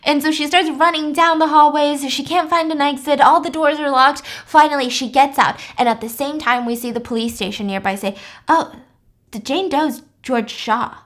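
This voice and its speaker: Chatty, animated woman host. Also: high-pitched, fairly quick, hardly any pauses. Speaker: podcast host. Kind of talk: casual storytelling.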